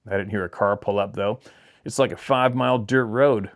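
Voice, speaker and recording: A man hosting a channel, reading a viewer's letter aloud in a plain, steady storytelling way with brief asides of his own. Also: on the low side, brisk. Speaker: channel host.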